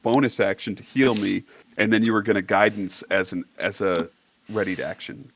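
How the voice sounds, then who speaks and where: A man's voice: on the low side, steady tone, normal speed, a bit bright. Eager man, lo-fi chat audio. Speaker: player. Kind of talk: casual tabletop game chat.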